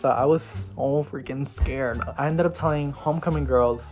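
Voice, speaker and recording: A young man casually telling a gossipy storytime in an animated, slangy way. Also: medium pitch, normal speed, soft background music. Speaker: vlogger.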